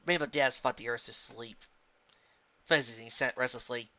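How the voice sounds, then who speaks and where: A man reading a fan fiction story aloud with animated narration. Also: medium pitch, normal speed, lo-fi sound. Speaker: audiobook reader.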